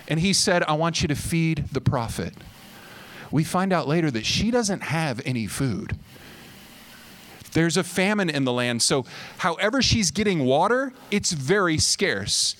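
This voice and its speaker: A young male preacher with a high, bright-sounding voice delivers a lively sermon. He tells the story with energy, acting out each quote and climbing to loud, near-shouted climaxes.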